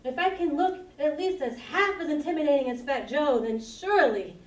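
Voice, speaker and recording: A woman's voice: high voice, expressive, normal speed, a little mellow. A woman playing a lonely, awkward seventh-grade girl who rambles and giggles self-consciously while confiding to her camcorder. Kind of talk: confessional monologue to a camcorder. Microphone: camcorder mic. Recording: roomy sound from a distance.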